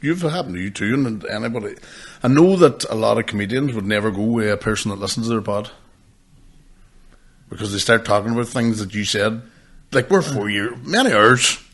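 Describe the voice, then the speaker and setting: A man's voice: lowish voice, brisk. A man, co-hosting a casual podcast chat and telling sweary stories. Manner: sweary storyteller, bursts into loud impressions. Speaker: podcast co-host.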